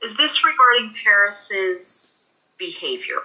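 A woman working as a pet psychic in a session, soothing and reassuring, often halting with fillers. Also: mid-range voice, animated, sharp tone, low-quality recording. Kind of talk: animal communication session.

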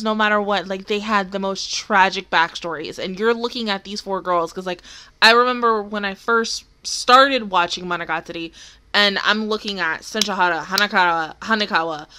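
A woman's voice: mid-range voice, sharp tone. A young woman hosting an anime reaction video, rambling emotionally in casual commentary, with lots of fillers and some swearing. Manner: rambling and emotional, with many fillers and curse words.

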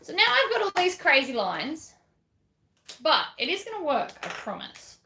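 A woman's voice: high-pitched, wildly swooping pitch, normal speed, sharp tone, echoey room, a little hiss or hum. A woman giving a chatty, self-deprecating craft tutorial while she works.

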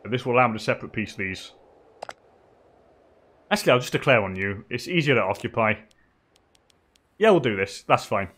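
An English man giving relaxed live commentary on a strategy game, chatting with viewers and laughing often. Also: medium pitch, fairly quick, long pauses. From England. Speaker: streamer.

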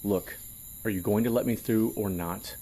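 Guy doing a grumpy sarcastic general with a robot voice, low and dry. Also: moderate pace, dark tone, slightly rough. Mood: impatient. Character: terse, impatient male general with a robotic voice.

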